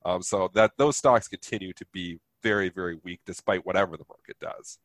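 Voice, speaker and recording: A man's voice: deep voice, a little fast, no room sound. A man with a nasal voice from a sinus infection, giving blunt, emphatic market commentary as co-host.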